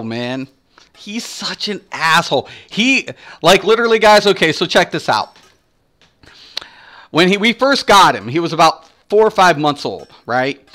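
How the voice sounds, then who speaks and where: High-voiced, foul-mouthed gaming streamer man. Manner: profane, animated storytelling. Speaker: game streamer. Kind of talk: casual stream chat.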